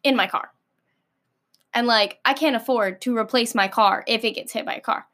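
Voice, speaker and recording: A woman's voice: fairly high pitch, moderate pace, a bit bright. An American woman ranting casually to camera, packing her talk with "like" and blunt, sassy swearing. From United States. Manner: filler-heavy, frequent "like". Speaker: vlogger.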